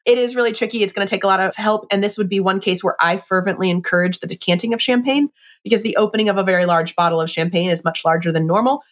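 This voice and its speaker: A woman's voice: mid-range voice, steady tone, fast talker. A middle-aged woman chatting casually and enthusiastically about wine and a book, with lots of fillers.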